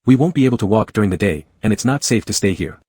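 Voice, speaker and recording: Male narrator voicing a stern wasteland outsider for an audiobook: low, husky, curt. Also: lively intonation, fast talker, a little mellow, no echo, clean studio sound. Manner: curt, irritated, clipped.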